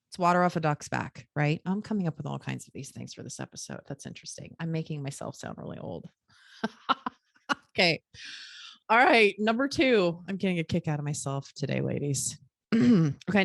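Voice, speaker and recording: A woman hosts a dating advice show in a loose, rambling way, full of asides and laughter at her own slips. Her voice sits a little low. The sound is close and dry. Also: no room sound. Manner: chatty, laughs at herself, many asides. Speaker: podcast host, dating coach. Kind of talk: casual advice monologue.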